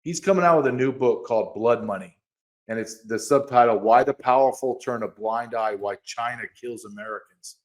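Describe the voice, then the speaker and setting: A man co-hosting a podcast in casual chat, animated and quick to get excited, sometimes reading quotes aloud. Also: medium pitch. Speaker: podcast co-host.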